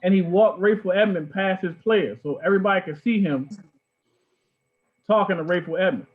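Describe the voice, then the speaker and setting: A man from Baltimore hosts a casual chat and tells stories with lively, animated energy, acting out the people he quotes. His voice sits high for a man and comes through a tinny, phone-like line. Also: normal speed. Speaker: host. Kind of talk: casual storytelling.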